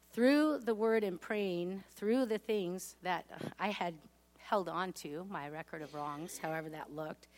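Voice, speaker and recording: Earnest woman sharing her testimony. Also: unhurried. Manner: earnest and heartfelt, voice dropping low on painful memories. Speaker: speaker giving a personal testimony. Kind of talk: testimony sermon with scripture readings.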